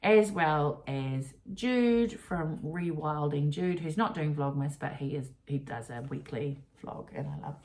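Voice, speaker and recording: A woman's voice: low-pitched, expressive, measured pace, hardly any pauses, darkish tone. A New Zealand woman co-hosting a casual crafting podcast, chatty, correcting herself and laughing easily. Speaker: podcast co-host. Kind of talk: casual chat.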